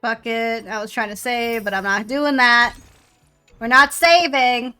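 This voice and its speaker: Slow, bright-voiced young woman streamer. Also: a little high, steady tone, smooth, soft background music. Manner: swearing, mock-dramatic self-pity. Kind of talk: casual gameplay commentary.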